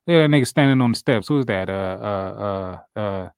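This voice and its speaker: A man's voice: fairly low pitch, brisk, clear, resonant tone, no room sound. A man co-hosting a wrestling podcast, talking loosely and profanely with frequent laughs. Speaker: podcast co-host. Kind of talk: casual wrestling talk.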